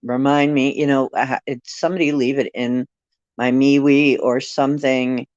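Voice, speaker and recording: A woman hosts a casual livestream in a slow, unhurried way, musing aloud as she drifts from one speculative thought to the next. Her voice sits dry and close, with a dull, lo-fi quality to the stream audio. She chats with her viewers and reads their comments as she goes. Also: a bass voice, fairly even intonation, darkish tone, dry recording. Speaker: livestream host reading viewer chat.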